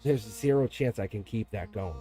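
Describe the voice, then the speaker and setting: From a home studio with faint music behind him, a man reads tarot on a livestream. His voice is warm and fairly low, at a moderate pace, and he chats casually, laughs often and rambles through stories in which he keeps quoting himself.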